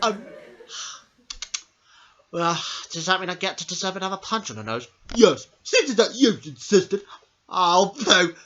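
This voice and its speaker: A woman's voice: lowish voice, sing-song, unhurried, a bit bright, lo-fi sound, slight background noise. A woman performing every character in a homemade comedy play, giggling often and switching between silly voices. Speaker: hobby puppet show creator voicing all characters.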